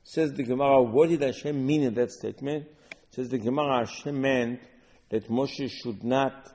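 A man giving a Torah lesson, explaining verses line by line in halting non-native English mixed with Hebrew. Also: mid-range voice, steady tone, a little mellow, in a large hall. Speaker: Torah teacher.

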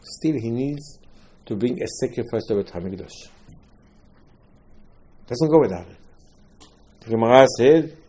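Animated man teaching a Torah class. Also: mid-range voice, unhurried, pauses often. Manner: animated storytelling, swings between loud and soft; mixes Hebrew terms into English. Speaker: religious teacher.

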